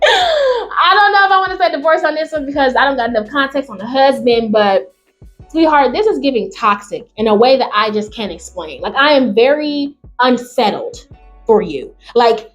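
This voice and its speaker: A woman host reading online stories aloud in a quieter voice, then breaking into loud, exclamatory rants full of swearing. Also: high-pitched, very animated, moderate pace, dull audio, faint music behind. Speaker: channel host.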